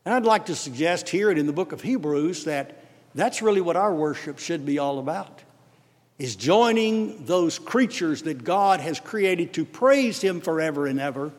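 A man with a Texan accent preaching a sermon as pastor, swelling emphatically on key words and dropping into quick asides. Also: fairly high pitch. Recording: long hall reverb.

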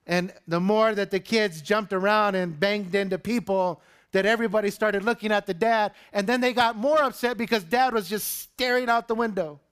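He speaks at a normal speed in a high, clear, resonant voice. The pastor is giving a sermon in a church sanctuary, animatedly telling a story and voicing the characters' lines.

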